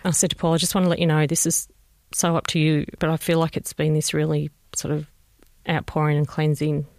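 A woman with an Australian accent, a mother gently recalling a painful family story in an interview and re-enacting what people said. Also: low-pitched, monotone, fast, no echo, clean studio sound. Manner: reflective, gentle, re-enacts conversations. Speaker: bereaved mother telling her story. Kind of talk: personal recollection, interview.

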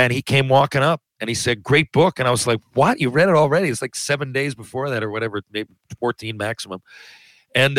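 In a roughly recorded clip with no room sound, a man with a fairly low, fairly bright voice appears as a podcast guest. He casually spins long, meandering stories, often breaking off to start his sentences over.

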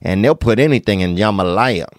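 A man from Louisiana with a very low voice rambles through a digressive comedic monologue, now and then leaping into high, excited bursts. The sound is dry and close, with no room echo. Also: brisk.

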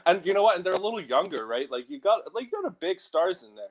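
Casting: UK-raised man, lively swooping delivery, slightly high voice, loose laughing podcast banter. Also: fast talker. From United Kingdom. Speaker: podcast co-host. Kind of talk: casual chat.

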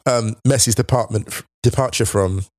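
A man's voice: mid-range voice, measured pace, darkish tone, no echo, clean studio sound. A man co-hosting a casual football podcast, telling jokey stories and laughing often. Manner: laughs a lot, jokey storytelling. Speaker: podcast co-host. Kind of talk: casual chat.

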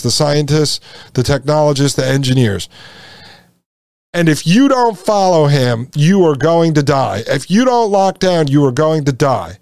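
A man's voice: fairly high pitch, a little mellow, dry recording, clean studio sound. A man hosting his own podcast, delivering an emphatic solo monologue, repeating points and addressing listeners as folks. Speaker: podcast host.

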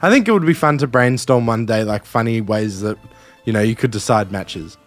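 A man's voice: fairly low pitch, a little fast, faint music behind. A young Australian man co-hosting a casual sports podcast, talking in a wry, laid-back way and laughing easily. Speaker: podcast co-host. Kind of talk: casual chat.

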